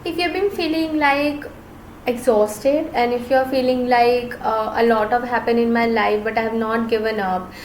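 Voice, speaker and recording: A woman's voice: a little high, fairly even intonation, normal speed, reverberant, a little hiss or hum, poor audio. A woman giving an earnest, reassuring tarot reading to her viewers, often repeating phrases. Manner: earnest, reassuring, repeats herself, gets emotional. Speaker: tarot reader.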